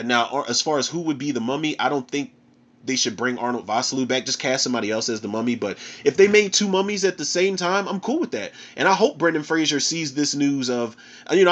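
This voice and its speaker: A man with a mid-range, fairly bright voice hosts a podcast and reviews movies in a loose, profane casual chat, frequently saying "man." The audio is slightly dull and lo-fi.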